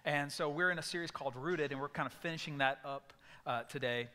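A man's voice: a little high, fairly quick, sharp tone, long reverb tail. A male pastor giving a sermon, telling stories and acting out voices in bursts. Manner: storytelling with sudden acted outbursts. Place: church sanctuary.

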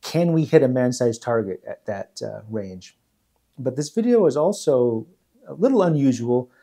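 Male history host, mellow and a bit husky, relaxed and measured. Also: mid-range voice. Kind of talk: explanatory history video talk.

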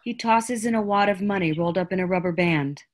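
A woman calmly reads out stage directions between the scenes, her voice at an ordinary middle pitch. The delivery is plain and measured. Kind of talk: scripted narration.

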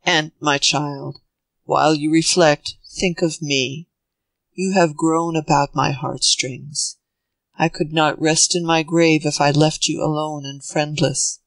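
An old gentleman speaks with grave, earnest kindness, as a reader voices him. The voice sits at a plain middle pitch with a dry, close sound and no room around it. He sounds steady and sincere. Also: slow pace, creaky, dry recording, low-quality recording. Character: old gentle Southern man, grave and kind.

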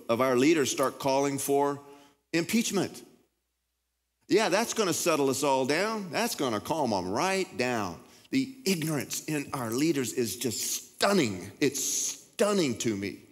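A man with a Texan accent preaching a sermon as pastor, with emphatic, impassioned delivery that jumps up in pitch when he gets revved up. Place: large church hall. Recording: reverberant church hall.

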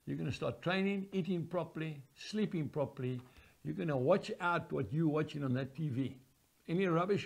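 An older man preaching a sermon, forceful and emphatic, swinging from booming declarations to hushed prayer. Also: gravelly, breathy edge. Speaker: evangelist preacher.

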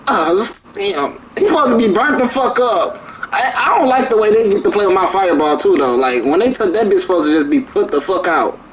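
A man's voice: high voice, animated, brisk, a loud crowd, rough recording. A young man streaming a basketball video game, cursing and trash-talking his teammates in casual commentary. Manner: profane, joking trash talk at teammates. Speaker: gaming streamer.

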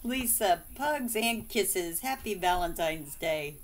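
Gushing, giggly woman with a lively voice. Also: lowish voice, slow pace. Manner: gushing, giggly, exclaims often. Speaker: vlogger showing mail from friends. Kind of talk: casual chatty unboxing.

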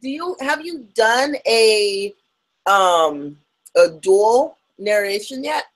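A woman's voice: mid-range voice, expressive, slow pace, low-quality recording. A woman co-hosting a podcast interview, playful and laughing a lot. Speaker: podcast co-host. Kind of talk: casual interview chat.

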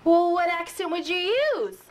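A woman's voice: extremely high pitch, normal speed. A woman playing a theatrical, melodramatic actress with a gushing delivery in an indie comedy. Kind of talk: indie comedy drama acting.

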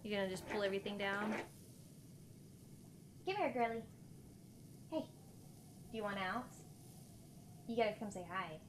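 A woman's voice: mid-range voice, fairly even intonation, brisk, pauses often, noisy background. A woman streamer chatting casually with viewers while she plays, laughing often and cooing at her pet. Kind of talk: casual live-stream chat.

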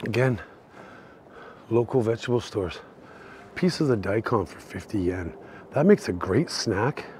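A man's voice: on the low side, animated, a little slow, long pauses, darkish tone, a little hiss or hum. Canadian guy kinda buzzed, rambling to his live chat while walking outside, voice bouncing all over. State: tipsy. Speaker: live-streaming street tour host. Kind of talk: casual live-stream walking tour chat. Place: outdoor city shopping street.

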